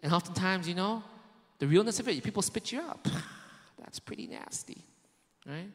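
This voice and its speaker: A man delivers a sermon in a loose, talky way, full of rhetorical questions, restarts and casual fillers. His voice sits a little high for a man. The sound rings out with the long reverb of a hall. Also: animated, moderate pace. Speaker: pastor.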